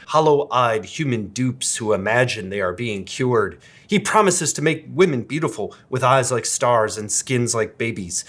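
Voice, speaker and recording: A man's voice: mid-range voice, a bit bright. Chatty, wry male video host. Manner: chatty, wry, amused asides. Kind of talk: casual explainer with cooking demo.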